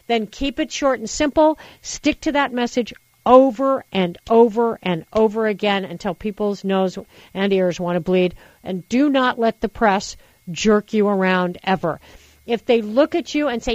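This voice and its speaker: A woman hosting a call-in radio talk show, giving opinionated advice in an animated way and repeating words for emphasis. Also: on the high side, normal speed, no echo, poor audio.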